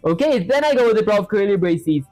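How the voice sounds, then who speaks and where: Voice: medium pitch, lively intonation, brisk, darkish tone, no echo, soft background music. A streamer thinking aloud while coding live, talking casually and rambling with frequent self-corrections, and answering chat questions.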